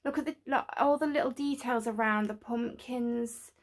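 A woman filming a casual home unboxing vlog, gushing and excitable, sometimes dropping to a whisper. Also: a little high, normal speed. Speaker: unboxing vlogger. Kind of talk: casual chat to camera. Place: home studio.

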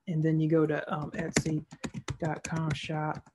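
Woman seller doing a screen tutorial, chatty, thinks out loud step by step. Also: low voice, completely flat delivery, measured pace, noisy background. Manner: casual, thinking aloud while clicking through steps. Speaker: online seller teaching a tutorial. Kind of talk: screen-recorded tutorial narration.

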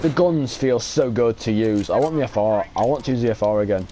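A young man giving excitable, sweary live commentary while playing a shooter game. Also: medium pitch, a little fast, slight background noise. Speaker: gaming streamer.

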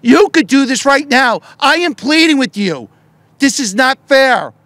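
A middle-aged man, a politician and union leader, giving an impassioned speech at a press event, shouting with fervor and firing off rhetorical questions. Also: extremely high pitch, expressive, a little slow, dry recording.

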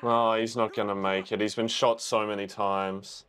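A young man reacting to a war film for the first time, swearing and shouting at the screen. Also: lowish voice, level tone, normal speed. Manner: emotional, swearing, exclaims at the screen. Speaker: reaction video host.

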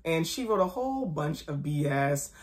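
A woman's voice: deep voice, sing-song, normal speed, a little mellow. A young woman, host of her own fashion blog, telling a personal story to camera with emphatic repetition and acted-out quotes. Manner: emphatic, repeats phrases for effect.

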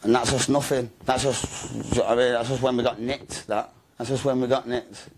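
A man telling his story in an interview, rapid and slangy, swearing and calling everyone mate and bro. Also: medium pitch, flat delivery, slight background noise.

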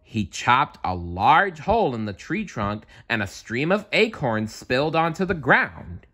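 A man reading a children's bedtime storybook aloud. His delivery is calm and measured, unhurried in pace. His pitch moves in lively swings of medium height. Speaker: storybook reader.

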